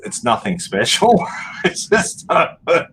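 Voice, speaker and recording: A man's voice: on the high side, big pitch swings, unhurried, fairly bright tone, a little hiss or hum. A man hosting a reselling livestream, chatting casually and telling rambling stories full of fillers and restarts. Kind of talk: casual chat during a livestream.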